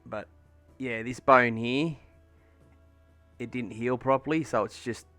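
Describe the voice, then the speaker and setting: A man's voice: mid-range voice, fairly even intonation, takes it slowly, pushed and bright, dry recording, faint music behind. An Australian man livestreaming from home, chatting casually and rambling through a story with plenty of swearing and fillers. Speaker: livestreamer painting miniatures. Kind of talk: casual chat while painting on stream.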